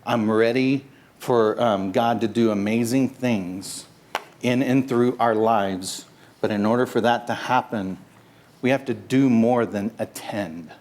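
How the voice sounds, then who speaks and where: A man's voice: mid-range voice, a little mellow. Middle aged guy preaching in church, laid back, lots of ums, cracks jokes with the crowd. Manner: casual, halting with fillers, jokes with the congregation. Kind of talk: sermon with prayer. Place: church sanctuary.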